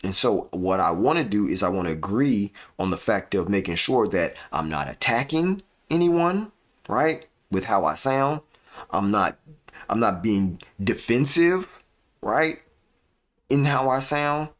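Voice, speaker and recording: A man with a fairly low voice talks to his live-stream audience in a preachy, motivational way. He pauses on purpose between points and keeps tagging his sentences with "right?". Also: big pitch swings. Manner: preachy, repeats "right?" as a tag; uses deliberate dramatic pauses.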